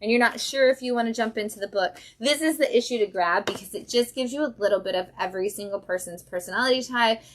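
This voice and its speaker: A woman's voice: a little high, quick pace, few pauses, a little hiss or hum. A woman hosting a casual livestream from a comic shop, chatting enthusiastically about new comics with lots of fillers.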